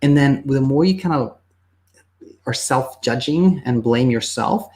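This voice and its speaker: A man working as a sleep coach, answering viewer questions in a casual, halting way and acting out the voices he quotes. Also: mid-range voice, lively intonation, mellow.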